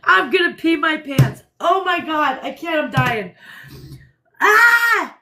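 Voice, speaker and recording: A woman's voice: sits high, expressive, unhurried, bright, forceful tone. A middle-aged woman hosting a casual livestream from home at night, blunt and laughing often. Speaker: livestream host. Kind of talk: casual live chat.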